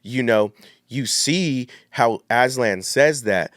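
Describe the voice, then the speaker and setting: A man, a pastor, chatting casually on a podcast and retelling a story in relaxed slang. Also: mid-range voice, takes it slowly, dry recording, studio quality.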